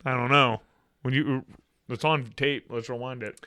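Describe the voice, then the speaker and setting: A man's voice: medium pitch, fairly even intonation, moderate pace, heavy background noise. A man co-hosting a podcast, teasing his friend and laughing often in casual banter. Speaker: podcast co-host.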